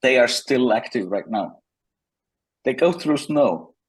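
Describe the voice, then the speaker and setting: A man, a guest in a casual interview, telling animated stories with frequent restarts. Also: medium pitch, slow, slightly rough, low-quality recording.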